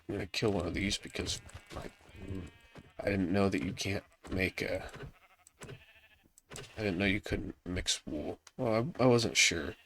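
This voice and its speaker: Congested young male gamer with a deep, gravelly voice, offhand self-deprecating commentary. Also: fairly bright tone, slight background noise. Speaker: gaming youtuber. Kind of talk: casual gameplay commentary. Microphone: laptop setup.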